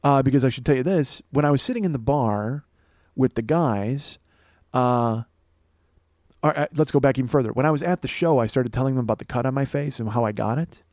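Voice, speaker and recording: A man's voice: medium pitch, fairly quick, a little mellow, dry recording. Man in his forties, comic storyteller, swears freely, voices his characters, mid-range voice, dry close sound. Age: 40s. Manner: profane, acts out quoted dialogue. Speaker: comedian and podcast host. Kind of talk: casual storytelling monologue.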